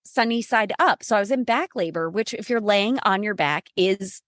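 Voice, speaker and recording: A woman's voice: mid-range voice, moderate pace, no room sound. Frank, chatty woman on a dry mic. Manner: expressive, frank, self-mocking humor; chatty with frequent "like" fillers. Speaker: podcast guest. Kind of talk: casual conversational storytelling.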